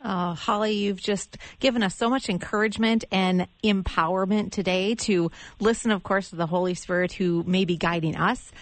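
A woman's voice: medium pitch, fairly even intonation, moderate pace, hardly any pauses. A woman hosting an interview, asking questions and thanking her guest graciously. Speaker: interview host. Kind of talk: faith interview.

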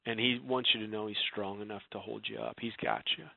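A man guest telling an emotional personal story in an earnest way, his voice dropping soft when he quotes others. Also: fairly low pitch, fairly even intonation, fast talker, gravelly, no room sound. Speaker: guest author. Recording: dry, phone-like narrow sound.

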